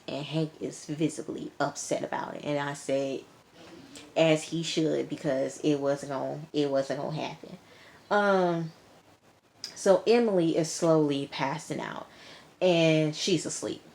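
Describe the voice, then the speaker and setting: Low-voiced woman giving a sassy recap. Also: gravelly, a little mellow, a little hiss or hum. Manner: sassy, talks back to the characters. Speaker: TV episode reviewer. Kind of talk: casual episode recap.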